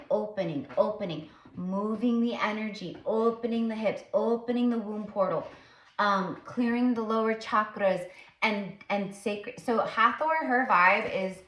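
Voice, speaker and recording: A woman's voice: medium pitch, fairly bright tone. Rambling woman psychic in a roomy space. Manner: rambling, full of fillers and restarts. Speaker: psychic tarot reader. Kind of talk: casual spiritual channeling talk. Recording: roomy echo.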